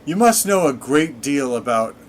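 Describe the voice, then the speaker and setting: A man giving sarcastic, deadpan commentary while playing a video game. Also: mid-range voice, normal speed, slight background noise. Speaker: let's play gamer. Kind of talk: gameplay commentary.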